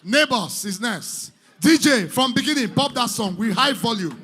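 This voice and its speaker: A man's voice: very high-pitched, expressive, moderate pace, sharp tone, a little hiss or hum. A man with a Nigerian accent working as master of ceremonies at an indoor party, hyping the crowd with playful, sing-song pidgin banter.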